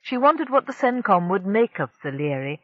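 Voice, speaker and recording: An audiobook narrator reading a science fiction novel in a steady storytelling manner. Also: mid-range voice, fairly quick, no room sound, muffled recording. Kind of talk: scripted narration.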